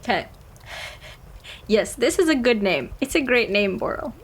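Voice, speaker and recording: A woman's voice: fairly high pitch, lively intonation, normal speed, breathy edge. Giggly, chatty woman streamer. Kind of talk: casual game stream chat.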